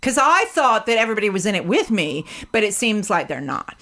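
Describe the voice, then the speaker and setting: A woman's voice: medium pitch, sing-song, fairly quick, pushed and bright. A woman in casual chat who rambles, stammers and swears often. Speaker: podcast co-host.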